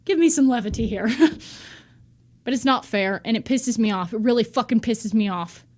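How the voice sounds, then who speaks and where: A woman's voice: on the high side, moderate pace, a little mellow. A woman delivering a heated, profane rant to camera in a vlog monologue. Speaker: vlogger.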